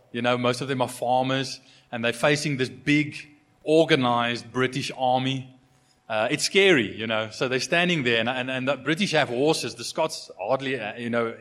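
A man's voice: medium pitch, a bit bright. A man from Africa, preaching a sermon in a conversational way, full of fillers and restarts. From South Africa. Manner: conversational, many fillers and repeated starts. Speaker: pastor.

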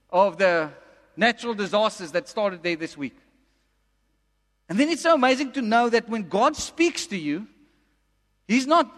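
A man preaching a sermon as pastor, emphatic and repeating lines slowly for effect. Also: very high-pitched, fairly bright tone. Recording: long reverb of a large hall.

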